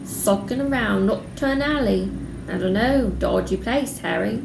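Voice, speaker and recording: A woman reading aloud voicing a huge, gruff bearded male gamekeeper with a growling manner. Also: medium pitch, unhurried. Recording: roomy room, faint background noise.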